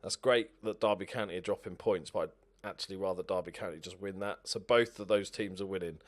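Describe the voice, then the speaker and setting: A man giving casual, excitable commentary over a game, talking to himself and swearing. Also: low voice, fairly quick.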